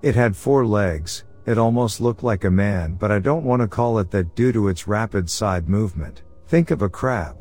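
Low-voiced man reading horror stories. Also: normal speed, hardly any pauses, a little mellow. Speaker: podcast narrator.

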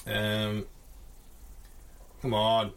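A man hosts a podcast on his own from home, chatting casually in a rambling, self-deprecating way. His voice sits on the low side, clear and resonant, but his delivery is completely flat and extremely slow. He records through an audio interface.

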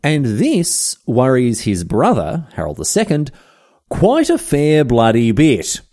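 A man's voice: mid-range voice, wildly swooping pitch, takes it slowly, dark tone. A man, hosting a podcast and telling history in a chatty, irreverent way full of slang asides. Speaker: podcast host. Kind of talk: casual history storytelling.

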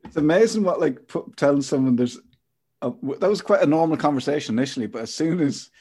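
A man's voice: fairly high pitch, expressive, fast talker, a little mellow, breathy edge. A man co-hosting a podcast over a video call, chatting and joking with a friend. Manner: joking, chatty, laughs often. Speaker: podcast co-host. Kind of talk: casual chat.

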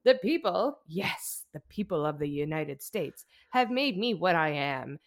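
A woman voicing a drunk male politician who rambles loudly through a speech. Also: low voice, sing-song, measured pace, heavily acted. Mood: drunk bombast. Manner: loud, declaiming, rambling.

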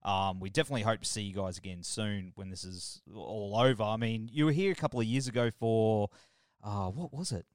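An Australian man hosts a radio chat, friendly and joking, with "mate" in nearly every turn. His voice is smooth and resonant. The sound is dry and close. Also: on the low side, a little fast, dry recording. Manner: friendly and jokey, says "mate" often, laughs a lot. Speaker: radio host. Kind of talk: casual radio interview.

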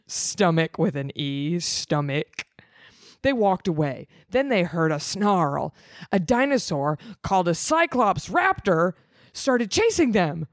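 A woman's voice: fairly low pitch, dry recording, studio quality. A young woman reading a story aloud and breaking off for wry, sarcastic, teasing comments. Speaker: reader.

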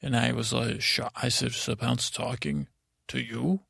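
A man's voice: mid-range voice, little pitch movement, a little slow, gravelly, a bit bright, slightly rough, no echo, clean studio sound. A man narrating as a naive boy prince, rambling with fillers and restarts in improvised comedic storytelling.

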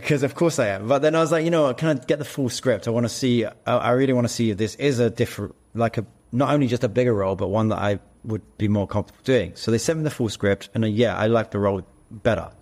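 A man's voice: on the low side, quick pace, few pauses, darkish tone. A man who is an actor and co-founder, speaking as a podcast guest and telling stories animatedly. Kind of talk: casual interview.

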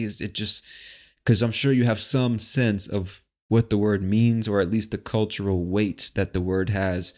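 American guy with a really low voice, laid-back podcast rant, swears a lot. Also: a little fast. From United States. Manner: relaxed, profane, conversational. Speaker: podcast host. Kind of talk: casual podcast monologue.

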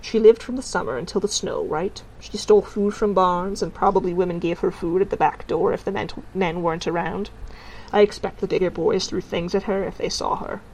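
A woman's voice: fairly low pitch, steady tone, fairly quick, a little mellow, poor audio. A woman voicing a stern, dry-witted witch teacher in a read-aloud storybook, speaking in a clipped, sardonic way.

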